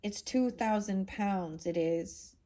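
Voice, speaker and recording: Woman voicing a meek tailor, slow and gruff, unhurried, storybook reading. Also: medium pitch, dark tone, lightly acted. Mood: thoughtful. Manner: slow, thoughtful, a little gruff. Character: meek working-class male tailor, slow and plain.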